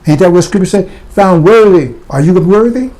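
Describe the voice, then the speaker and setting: A man preaching with blunt, impassioned force, firing question after question at his listeners. His voice sits a little high for a man, yet its tone stays dark and mellow. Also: animated, quick pace. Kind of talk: fiery sermon.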